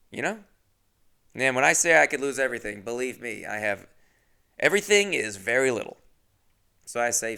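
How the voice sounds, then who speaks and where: Gravelly, bright-voiced comic storyteller man. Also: medium pitch. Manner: rambling, profane, self-mocking. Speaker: podcast host.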